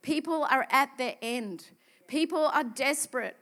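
A woman evangelist giving an animated, emphatic sermon testimony. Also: high-pitched, unhurried.

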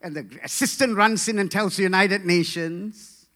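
A male pastor delivering a humorous sermon, animated and building to rhythmic preaching. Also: high-pitched, normal speed.

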